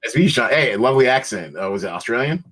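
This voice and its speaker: A man's voice: medium pitch, lively intonation, very fast, a bit bright, husky. A man, a company founder, answering interview questions over a video call in a chatty way, laughing often. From Seattle, United States. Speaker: company founder and CEO, guest.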